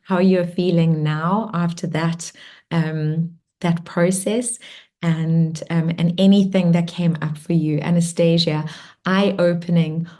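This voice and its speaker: A gentle, encouraging woman leads an online meditation group and reads out participants' comments. Her voice sits a little low, and she speaks slowly and unhurriedly. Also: fairly even intonation. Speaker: meditation and spiritual workshop leader. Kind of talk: guided meditation close and live group check-in.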